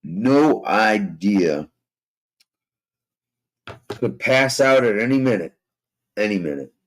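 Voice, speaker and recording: A hoarse man chatting casually and profanely to his live-stream viewers, rambling from topic to topic. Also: on the low side, rough recording. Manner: profane, rambling and laid-back. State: hoarse, strained voice. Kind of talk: casual livestream chat.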